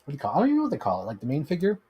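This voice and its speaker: A man chatting casually on a live stream about his toy collection, excitable and rambling, swearing freely. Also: on the high side, rapid-fire, slightly rough.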